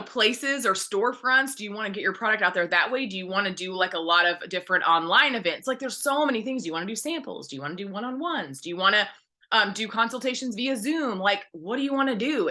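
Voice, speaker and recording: A woman's voice: mid-range voice, pushed and bright. A woman leading a direct sales team call, talking in a candid, encouraging, rambling way with many fillers, and close to tears at times. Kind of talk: motivational team call talk.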